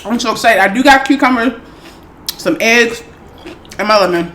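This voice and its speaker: A woman hosting an eating show, chatting casually and excitedly to her viewers, calling them y'all. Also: a little high, moderate pace, slight background noise. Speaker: mukbang host.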